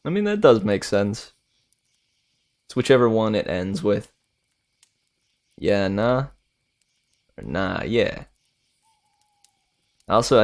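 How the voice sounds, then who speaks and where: A male streamer and voice actor chatting casually with viewers, relaxed and slangy, laughing often. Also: lowish voice, gravelly.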